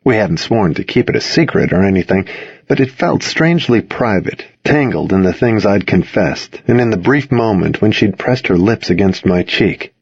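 A man narrating a first-person novel as an audiobook, in a measured storytelling manner. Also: fairly low pitch, animated, husky, no room sound, dull audio.

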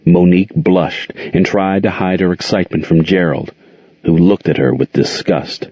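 A man reading a story aloud as narrator, in a steady, unhurried way. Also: low-pitched, slightly rough, dry recording. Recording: dull lo-fi dry recording.

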